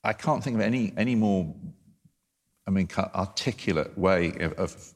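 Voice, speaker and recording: A man in a casual book discussion, talking in a halting way, full of restarts and repeated words as he works out his thoughts. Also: deep voice.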